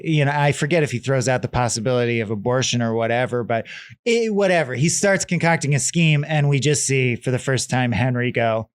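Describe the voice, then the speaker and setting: A man's voice: medium pitch, normal speed, smooth, no echo. Guy cohosting a film podcast, acts out all the lines, dry close mic. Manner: animated, acts out characters' lines while recapping. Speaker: podcast co-host. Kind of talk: casual film discussion.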